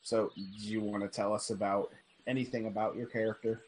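A man's voice: on the low side, fairly quick, slight background noise. Laid-back male game master. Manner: relaxed, chatty, laughs easily. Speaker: game master and podcast host. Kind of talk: casual podcast narration and game mastering.

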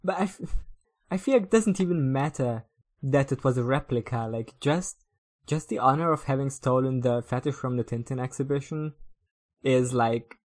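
A young man co-hosting a podcast, musing aloud in casual chat with halting restarts and easy laughter. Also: medium pitch, darkish tone. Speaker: podcast co-host.

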